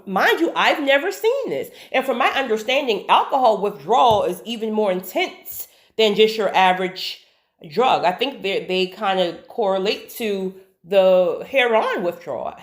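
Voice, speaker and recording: A woman telling a personal story in a casual, animated monologue, often repeating words for emphasis and speaking straight to the viewer. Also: fairly high pitch.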